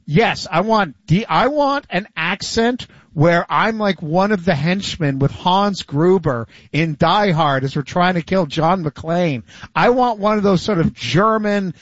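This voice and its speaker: A man's voice: high-pitched, animated, unhurried, no echo, lo-fi sound. A man co-hosting a sports radio show, chatting casually and joking around. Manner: playful, jokey banter. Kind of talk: casual chat.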